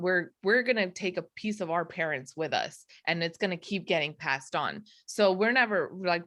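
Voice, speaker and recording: A woman comedian talking casually in an interview, animated and rambling, laughing often. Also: lowish voice, no echo. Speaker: comedian guest.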